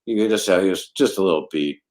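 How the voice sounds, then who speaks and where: A man's voice: deep voice, fast talker. An older man from New Jersey, a comedy writer, telling stories in casual chat and acting out the people he quotes. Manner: animated storyteller acting out quoted voices, chuckling often.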